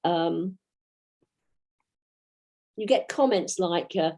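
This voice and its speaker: Woman historian lecturing in a mellow tone. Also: low voice, expressive, creaky, slightly rough. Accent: British English. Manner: measured, reads out quotations and dates. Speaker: historian giving a talk.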